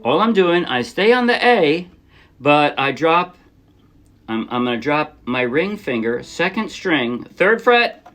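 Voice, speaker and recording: A man's voice: on the high side, very animated, slow pace, soft background music. A man teaching a ukulele song in a casual tutorial, explaining patiently step by step and encouraging beginners. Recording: ukulele playing loudly under voice.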